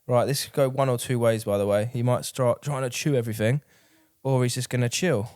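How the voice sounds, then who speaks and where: A man's voice: medium pitch, steady tone, a little fast, darkish tone, dry recording. A man co-hosting a casual chat, jokey and rambling, sometimes cooing at his dog. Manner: jokey, rambling, talks baby-talk to the dog. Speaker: podcast co-host.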